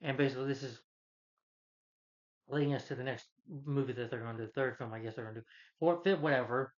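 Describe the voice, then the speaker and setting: A man's voice: mid-range voice, fast talker. A man giving a casual spoken movie review, rambling loosely with fillers and restarts. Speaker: film reviewer. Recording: dull lo-fi recording.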